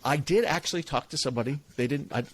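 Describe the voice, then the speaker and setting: A man's voice: medium pitch, fast talker, breathy edge. A man in his forties co-hosting a casual podcast, rambling with restarts and laughs. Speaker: podcast co-host.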